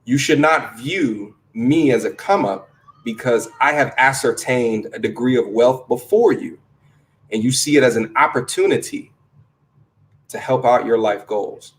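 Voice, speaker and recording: A man of average pitch talks casually as a talk-show co-host, loose and conversational. He swears freely and gets worked up while making his case. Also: unhurried. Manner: loud and fired up when riled, casual with cursing. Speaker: podcast co-host. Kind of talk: casual debate chat on a video call.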